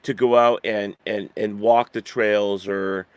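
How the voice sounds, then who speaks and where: A man's voice: lowish voice, fairly even intonation, takes it slowly, clear, resonant tone, dry recording. Rambling man in casual chat, dry sound. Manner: rambling, restarts, laughs easily.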